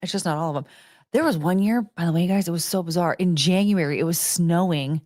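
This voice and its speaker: Talking with her live-stream audience, this host wanders from thought to thought, giggles, and frequently breaks off partway through sentences. She speaks briskly in a lowish, slightly mellow voice, and the studio audio is clean, with no echo.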